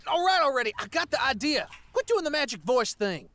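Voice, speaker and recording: A woman's voice: high-pitched, big pitch swings, fairly quick, fairly bright tone, no room sound, heavily acted. A woman voicing a blunt, folksy young country man with a brash, plain-spoken drawl. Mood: indignant. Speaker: voice actor reading a character.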